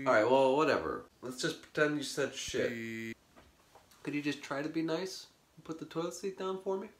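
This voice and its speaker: A man's voice: medium pitch, animated, moderate pace, fairly bright tone, echoey room, a little hiss or hum. A man playing every member of a one-man band in a comedy sketch, bickering with himself. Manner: switching between bandmate characters, bickering.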